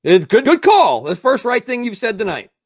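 A man's voice: extremely high pitch, very animated, moderate pace. A man co-hosting a live stream, arguing in a combative, sarcastic way and swearing freely. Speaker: co-host. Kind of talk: heated live-stream debate.

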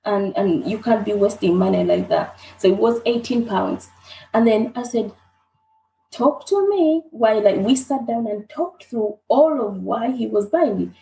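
A woman, an interview guest, telling a personal story in halting sentences, repeating words and acting out what was said. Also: medium pitch, vocal fry, warm tone. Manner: halting, repeats herself, acts out dialogue. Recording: roomy echoey sound.

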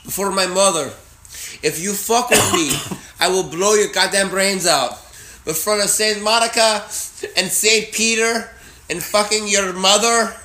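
Guy doing a swearing mexican gangster, slow threats, echoey room. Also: high-pitched, sharp tone, pitched above the performer's own voice. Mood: threatening. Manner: profane, threatening, drawn out. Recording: roomy echo.

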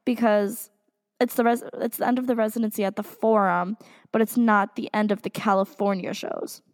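A young woman co-hosting a casual fan podcast, excitable and quick to swear, with dramatic groans. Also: mid-range voice, long reverb tail. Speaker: podcast co-host.

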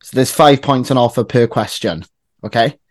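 A man's voice: mid-range voice, normal speed, dry recording. A man hosting a casual football quiz among friends, teasing and reading lists of clubs aloud. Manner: reads clubs out one by one in a teasing tone. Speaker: quiz host.

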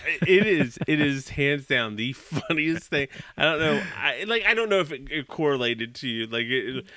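Guy cracking up telling stories, lively voice, dry sound. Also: a little high, normal speed, no echo. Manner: laughs a lot while telling a story. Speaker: podcast co-host. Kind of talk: casual chat.

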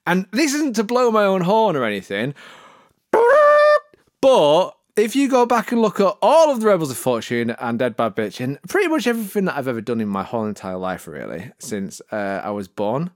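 A man gives tips on making podcasts as a comic monologue, playing each point mock-serious and theatrical. His voice sits fairly high and leaps all over the place. The sound is dry and close. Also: big pitch swings, moderate pace, dry recording. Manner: jokey, mock-serious and theatrical, with sudden swoops in pitch. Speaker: podcast producer giving tips.

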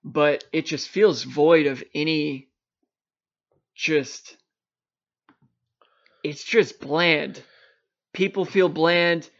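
Profane Long Island storyteller, lo-fi. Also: male voice, on the high side, extremely slow, pauses often. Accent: Long Island New York. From Long Island, New York. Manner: animated, profane, acts out both sides of a story. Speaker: podcast co-host. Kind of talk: casual storytelling chat. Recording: muffled lo-fi recording.

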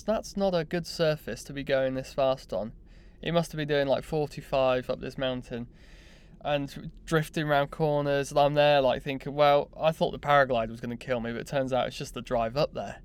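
A young man telling a personal story in a casual, animated, self-mocking way. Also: medium pitch, clean tone. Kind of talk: casual anecdote monologue.

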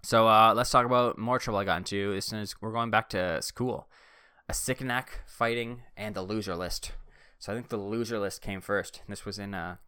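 Chill guy in his 30s rambling thru an old story, lowish voice, dry close sound. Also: normal speed, sharp tone, smooth, no room sound. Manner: rambling, laid-back, heavy fillers. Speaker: vlogger. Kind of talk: casual storytelling.

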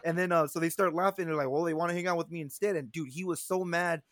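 A young man casually telling a long story, animated and swearing, acting out what others said. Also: fairly high pitch, fast, no room sound.

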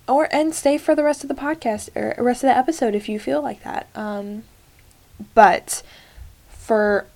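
A woman's voice: mid-range voice, a little mellow. A young woman hosting her solo podcast in casual chat, talking to her listeners and joking at herself with many fillers. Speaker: podcast host.

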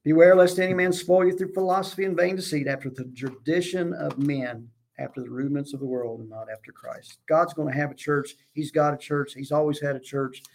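A man's voice: a little high, brisk, creaky, few pauses, a little mellow. A man on a religious talk show reciting old-style scripture in an emphatic, preaching way.

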